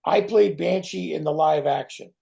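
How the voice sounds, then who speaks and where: A middle-aged man, a guest actor in a casual interview who tells animated stories, swears and acts out other people's voices. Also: on the high side, normal speed, vocal fry, husky. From Canada.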